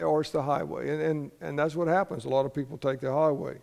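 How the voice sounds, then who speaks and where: A man's voice: fairly high pitch, fairly even intonation, fast talker, vocal fry, few pauses, darkish tone, long reverb tail. A man preaching a sermon as pastor, telling folksy stories and asking the congregation questions. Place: church sanctuary.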